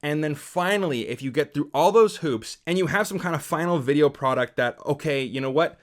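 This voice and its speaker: A young man, a film critic, talking casually to his viewers, acting out comments in a lively way. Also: a little fast. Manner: animated, acts out quoted comments with big pitch jumps. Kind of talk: casual talk to camera.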